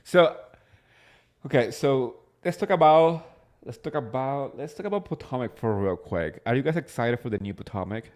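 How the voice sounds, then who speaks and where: A man's voice: mid-range voice, animated, moderate pace, darkish tone. A man hosting a casual chat show, talking with enthusiastic gossip and many filler words. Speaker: podcast host.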